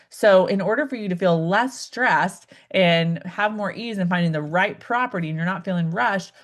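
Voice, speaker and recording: A woman coaching new real estate agents in a live online session, addressing viewers directly and acting out client conversations with lively swings in her voice. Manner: upbeat, acts out client dialogues with big pitch swings; addresses viewers directly, asks them to type in chat.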